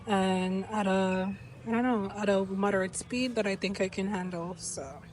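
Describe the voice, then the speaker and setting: A woman's voice: mid-range voice, moderate pace, a little mellow, low-quality recording. A young woman vlogging candidly at the gym, out of breath after a treadmill walk. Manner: candid, chatty. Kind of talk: casual vlog chat.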